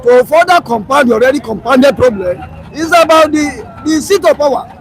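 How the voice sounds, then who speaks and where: Emphatic high-voiced man. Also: animated, normal speed, a faint crowd, rough recording. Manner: emphatic, rhetorical questions, many hesitations. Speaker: political commentator guest. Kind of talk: live political talk show discussion.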